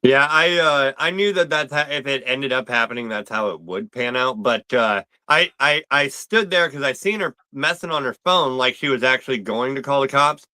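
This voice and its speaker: A laid-back male guest who rambles through his story with plenty of fillers. His voice is very bright and crisp, and it sounds dry and close, with no room echo. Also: mid-range voice, normal speed, hardly any pauses. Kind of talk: casual chat.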